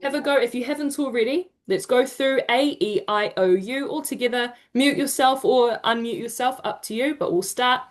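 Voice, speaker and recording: Kiwi woman teaching vowel sounds over a video call, upbeat and encouraging, drags out the example sounds. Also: fairly high pitch. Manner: encouraging, drawn-out demonstration sounds. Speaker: te reo Māori workshop presenter. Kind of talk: online teaching session.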